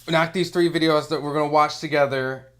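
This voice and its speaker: A man's voice: fairly high pitch, fairly even intonation, brisk. A man hosting a live commentary stream, talking loosely and casually, with some swearing.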